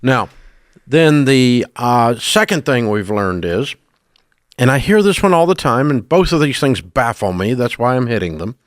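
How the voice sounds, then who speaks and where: An older man with a Southern American twang lectures his radio audience, blunt and scolding. His pitch swings widely as he hammers each point. The studio sound is dry and close. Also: very animated, a little slow, no room sound. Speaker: radio show host. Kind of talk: call-in radio talk.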